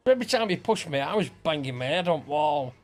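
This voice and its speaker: A man's voice: a little high, expressive, a little fast. Swearing man telling stories. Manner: swearing, rambling anecdotes with quoted exchanges. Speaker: gaming streamer. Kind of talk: casual storytelling over gameplay.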